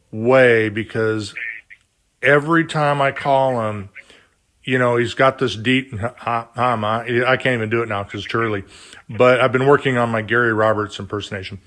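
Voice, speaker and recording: A man's voice: mid-range voice, fairly bright tone. A man hosting an interview, chatty and rambling as he introduces his guest. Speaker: interview host. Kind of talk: casual interview chat.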